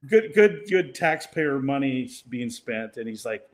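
A man's voice: mid-range voice, a little slow, few pauses. Older man telling a rambling story. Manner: rambling, laughing often, quoting others in a put-on voice. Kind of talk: casual anecdote.

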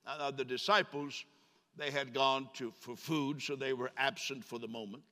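Male pastor, lively joking sermon, bright tense voice, long reverb of a church sanctuary. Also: mid-range voice, normal speed. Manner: animated, joking with the congregation.

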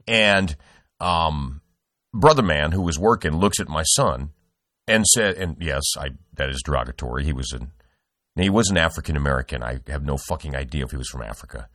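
A man's voice: rumbling low, lively intonation, fairly quick, a bit bright, no room sound, clean studio sound. A middle-aged man hosting a podcast, telling a rambling, profane story with lots of restarts. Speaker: podcast host. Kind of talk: casual podcast chat.

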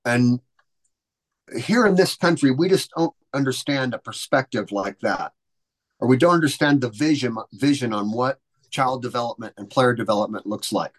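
A man's voice: medium pitch, normal speed. A man, a youth soccer coach, speaking in an earnest, thoughtful way as a guest in a casual chat.

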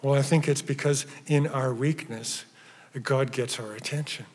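A man preaching a sermon with emphatic stresses that drop at times to hushed, near-whispered phrases. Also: mid-range voice, fairly even intonation, moderate pace. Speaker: pastor. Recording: reverberant church hall.

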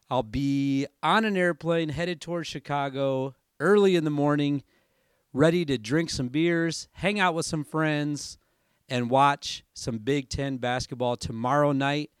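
A man in his thirties hosting a casual sports podcast, chatty and rambling, his voice hoarse from allergies. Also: a little high, dry recording, studio quality. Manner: chatty and rambling, self-correcting. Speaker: podcast host.

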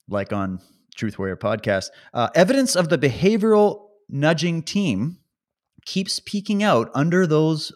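A man from Canada hosting a podcast, reading a news article aloud and ranting over it in a sarcastic, mocking way. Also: a little high. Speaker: podcast host.

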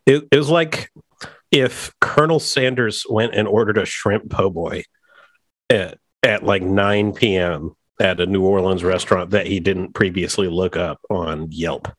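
A man's voice: sits low, unhurried, dry recording, studio quality. A man hosting a podcast in casual chat, joking and bantering with his co-host.

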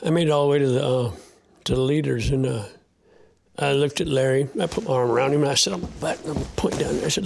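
A man's voice: medium pitch, fast, vocal fry, darkish tone, a little hiss or hum. A man, a sled dog racer, telling a heartfelt story in an interview in a folksy, plain-spoken way, with many fillers and restarts. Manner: choked up and close to tears at times.

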